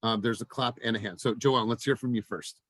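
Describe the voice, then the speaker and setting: A man's voice: mid-range voice, quick pace, no room sound. Forties guy coaching his realtor team, pumped up, keeps repeating himself, dry close sound. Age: 40s. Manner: energetic, repeats words and restarts often. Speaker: real estate team coach. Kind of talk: motivational coaching talk.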